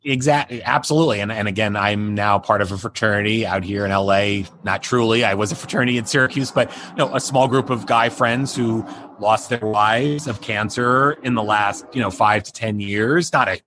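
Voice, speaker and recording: A man's voice: fairly low pitch, steady tone, brisk, background noise. A middle-aged man, a guest on an interview show, telling a personal story in a rambling way full of "you know" and restarts. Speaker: interview guest, entertainment publicist.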